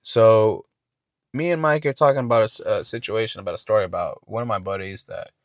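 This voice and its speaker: A man's voice: on the low side, fairly quick, no room sound, studio quality. A man hosting a podcast and telling a casual, rambling story, swearing often and restarting his words. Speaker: podcast host.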